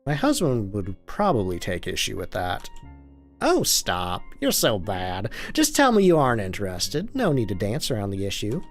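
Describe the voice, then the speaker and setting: A man's voice: on the low side, wildly swooping pitch, moderate pace, soft background music. A man voicing a flirty, saucy middle-aged lady with a put-on Southern US accent, drawling and theatrical. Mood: flirtatious.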